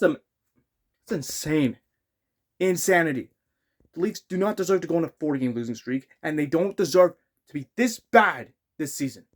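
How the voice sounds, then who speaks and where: A young man ranting as a frustrated sports fan vlogger, exasperated and repeating himself. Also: medium pitch.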